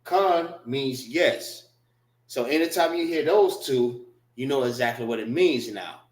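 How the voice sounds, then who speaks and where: Man teaching a class, very slow and patient with his words, in an echoey classroom. Mid-range voice. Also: medium pitch. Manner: patient, repeats words slowly, spells them out. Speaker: class instructor. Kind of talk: classroom lesson on writing and pronunciation.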